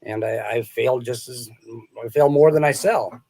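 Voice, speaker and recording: A man's voice: medium pitch, normal speed, dark tone. A man who is a sales author, a guest in a casual interview, telling stories in a rambling way, often laughing and restarting his sentences. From small-town American Midwest.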